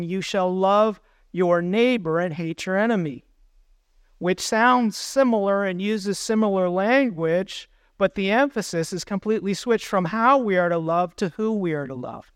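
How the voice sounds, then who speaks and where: A man's voice: high voice, clean tone, dry recording. A man preaching a sermon as pastor, earnest, putting questions to the congregation.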